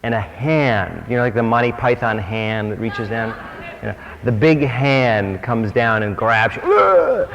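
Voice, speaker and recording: A man's voice: on the low side, unhurried, vocal fry. Man, spiritual teacher, wry and self-mocking, dull lo-fi tape with long hall reverb. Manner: joking, self-mocking asides. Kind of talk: humorous workshop talk. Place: stage before an audience. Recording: dull old recording, long hall reverb, faint hiss.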